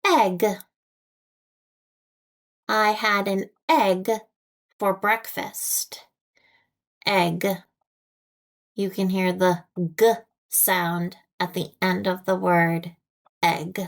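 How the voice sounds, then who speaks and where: American woman teaching phonics, super slow, says every word twice, very clear. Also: mid-range voice, fairly even intonation. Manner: deliberate, repeats each word with long pauses. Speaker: ESL teacher.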